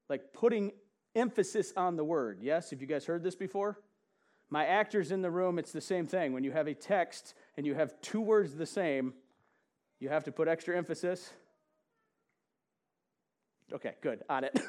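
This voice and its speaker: A man preaching a sermon to a congregation, chatting and asking them questions, then reading scripture slowly with emphasis. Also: high voice, darkish tone. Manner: conversational, asks the congregation questions, laughs often. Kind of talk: sermon with audience interaction. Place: church sanctuary with a congregation.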